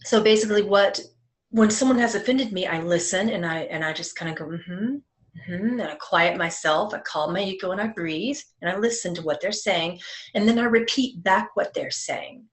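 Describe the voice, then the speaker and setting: Animated woman telling a story. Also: medium pitch, normal speed. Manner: animated storyteller, laughs often. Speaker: psychic channeler guest. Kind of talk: casual chat.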